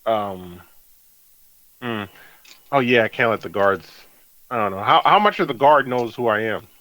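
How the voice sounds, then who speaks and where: A man's voice: fairly low pitch, expressive, unhurried, sharp tone, no room sound, low-quality recording. Hesitant man thinking aloud, dry sound. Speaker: player. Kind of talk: casual tabletop play.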